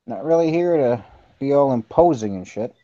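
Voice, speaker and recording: A man's voice: mid-range voice, animated, moderate pace, warm tone, dry recording. A man speaking in character as a player in a tabletop role-play, laid-back and wisecracking. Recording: dull lo-fi mic.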